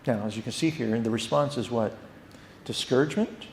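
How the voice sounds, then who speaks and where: A man teaching a theology class at a church. He talks in an animated way and often repeats words. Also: medium pitch, a little fast, roomy sound, slight background noise. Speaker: Bible teacher.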